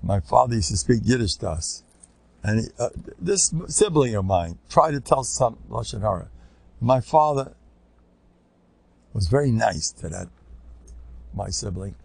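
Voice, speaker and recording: An older rabbi lectures in a gravelly voice that leaps from near-whispers to loud, high exclamations. His pitch swings widely and his delivery is lively and informal, sprinkled with Yiddish and Hebrew words. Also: unhurried, long pauses, dry recording. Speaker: rabbi giving a Torah lecture.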